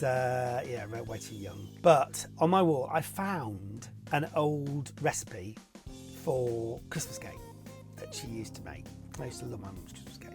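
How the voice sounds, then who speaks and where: A man's voice: fairly high pitch, vocal fry, a little mellow. A middle-aged man from Warrington, England, a TV property presenter answering viewer questions in a chatty, rambling, self-deprecating way from his home office. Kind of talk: casual to-camera Q&A.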